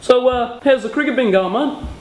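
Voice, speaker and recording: A man's voice: very high-pitched, moderate pace, heavy background noise. An older man with an Australian accent playing a friendly, easygoing grandfather in a tiny outback town in a short film, chatty and jokey. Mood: warm.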